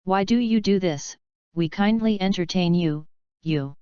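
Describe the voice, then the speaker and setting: A woman voicing an old village chief who hides his menace, in a flat, even delivery, with a dull lo-fi sound. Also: on the low side, a little slow, clear, resonant tone, no room sound, close to an everyday voice. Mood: indignant. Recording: dull lo-fi dry recording.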